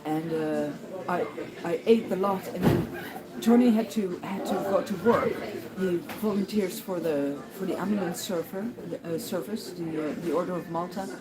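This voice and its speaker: A woman's voice: lowish voice, moderate pace, a crowd in the background, poor audio. A woman chatting through her day as a walking pilgrim, rambling and laughing as she acts out the people she met. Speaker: pilgrim vlogger. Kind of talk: casual spoken travel diary.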